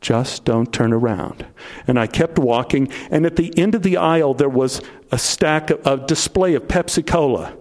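A middle-aged man telling a first-person story to an audience, dropping low and slow at the tense moments. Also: a little mellow.

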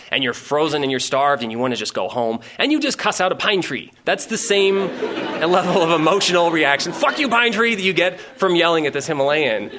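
A man telling a rambling, profane comic story in a casual, animated way. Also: fairly high pitch.

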